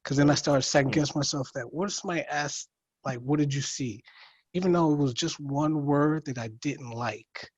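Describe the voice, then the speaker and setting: A man in a writing workshop speaking hesitantly over a video call, with halting phrases and many fillers. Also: a little high, slightly rough, no room sound, dull audio. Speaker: workshop participant. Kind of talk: casual chat.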